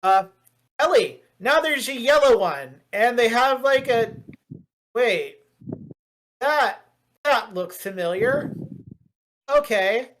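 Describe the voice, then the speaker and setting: A woman's voice: on the high side, animated, takes it slowly, pauses often, slight background noise. A woman narrating as game master of a tabletop role-playing game, chatty and meandering, with many fillers and restarts.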